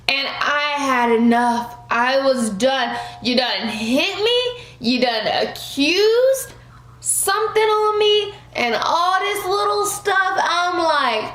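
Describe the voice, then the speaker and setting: A woman in her twenties telling a storytime vlog, animated, calling her viewers y'all. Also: high voice, slow. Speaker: vlogger. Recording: echoey room.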